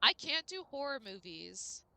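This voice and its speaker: A woman's voice: fairly high pitch, very animated, a little slow, creaky, pushed and bright, dry recording. A young woman streaming a game, chatting casually and rambling to her viewers with lots of "like" fillers.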